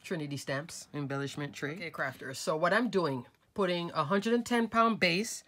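A woman's voice: on the low side, moderate pace, a bit bright. A middle-aged woman, nasal from a cold, chatting her way through a step-by-step craft tutorial at her desk and talking to viewers as folks and crafters.

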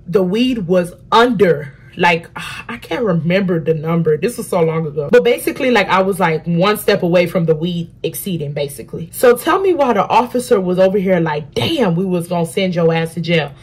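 Young woman, husky voice, profane animated storytelling, casual vlog. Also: on the low side, moderate pace. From African family. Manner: animated, profane, acts out quotes loudly. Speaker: beauty vlogger.

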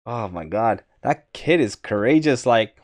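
A man's voice: mid-range voice, a little slow. A man hosting a reaction video, exclaiming and rambling in casual commentary. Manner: excitable, rambling, exclaims often.

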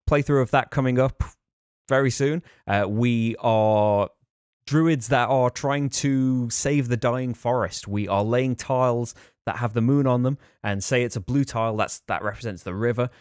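An eager man rattles through his picks in a casual, rambling monologue, often breaking into a small laugh. His voice sits at an ordinary middle pitch for a man. The sound is dry and close, with no room echo. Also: a little mellow, clear, resonant tone. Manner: enthusiastic, quick, with fillers and laughs. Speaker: board game channel host.

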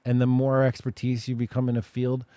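A podcast host leads a conversational interview, reflecting and talking through ideas at length. His medium-pitched voice is warm yet utterly flat in delivery, and he moves briskly. There's no room sound at all.

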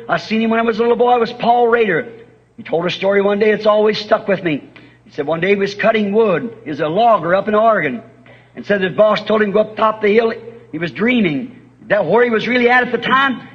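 A man with a high, husky voice preaches with fervent, impassioned conviction, his words climbing into urgent cries. He sounds like an old-time revival preacher in a church. The sound is muffled and dull, like an old tape recording of a sermon.

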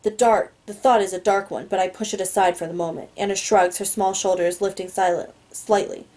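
Woman, audiobook reader, first-person narration, musing, mellow voice. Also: mid-range voice, fairly even intonation, brisk, low-quality recording.

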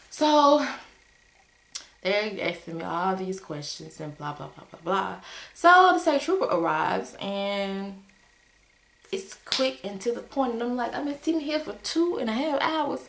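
A woman tells her viewers a story in a casual vlog, her voice leaping up and down with exasperation. Her pitch sits in a middle range but swings widely. The sound bounces around an echoey room. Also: unhurried, creaky, slight background noise. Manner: animated, exasperated retelling with sudden pitch jumps. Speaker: vlogger telling a story.

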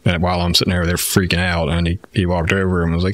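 A man's voice: deep voice, monotone, fast, a bit bright, dry recording. A man in his forties, a firefighter guest, telling a candid story in a rambling, frank way, with many fillers and some swearing.

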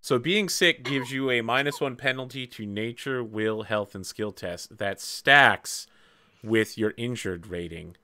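A man's voice: medium pitch, measured pace, sharp tone, no room sound. A young man running a tabletop game, chatty, explaining rules and laughing often. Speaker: game master.

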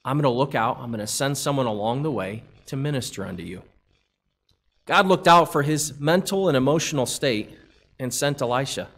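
A man preaching a sermon in church, pressing his listeners with question after question. His voice sits at an ordinary middle pitch, and he moves between scripture readings and direct appeals. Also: animated, moderate pace, a bit bright. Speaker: pastor.

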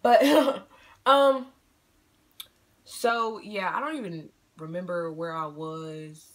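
This time the eighteen-year-old vlogger speaks on the low side, slowly and with fairly even intonation, her tone still fairly bright. Chatting casually from home in a Q&A video, she remains bubbly and talkative, teases herself in fun, and says "y'all" to her viewers.

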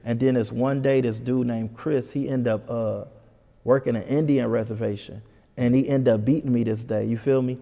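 A man from Detroit, a comedian telling a lively story in an interview and putting on voices for the people in it. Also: mid-range voice, moderate pace, creaky, big-room sound. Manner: animated, puts on voices for people in his stories. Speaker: comedian guest.

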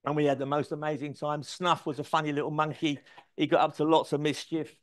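A man tells stories from his working life, animated and unfiltered, swearing freely as he acts out bits of dialogue. His voice sits a touch high for a man. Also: fairly quick. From London, England. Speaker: speaker telling career stories. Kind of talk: anecdotal storytelling talk.

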